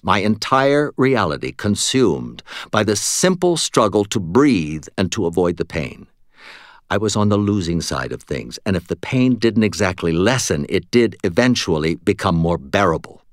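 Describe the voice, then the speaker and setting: Expressive male audiobook narrator, dry close sound. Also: fairly low pitch, dry recording. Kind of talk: first-person audiobook narration.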